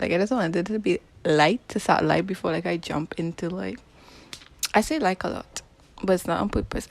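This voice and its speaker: A woman's voice: lowish voice, vocal fry, a little mellow. A young woman hosting a casual podcast on a phone mic, rambling and self-deprecating, dropping into whispered asides. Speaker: podcast host. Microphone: phone in a sock.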